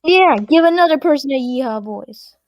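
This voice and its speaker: A woman's voice: high voice, lively intonation, moderate pace, highs cut off. A woman playing a tabletop game who teases the game master in pushy, playful banter. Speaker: player. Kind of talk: casual chat at a game table.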